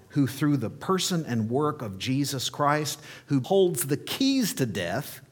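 A male pastor delivers a sermon at an unhurried, deliberate pace. His voice sits at an ordinary middle pitch, and he talks in an earnest, emphatic way that sinks to a hushed whisper at times.

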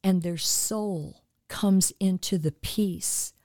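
A woman, a guest on a Christian talk show, leading a slow, soft, devout spoken prayer. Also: mid-range voice, no room sound, clean studio sound.

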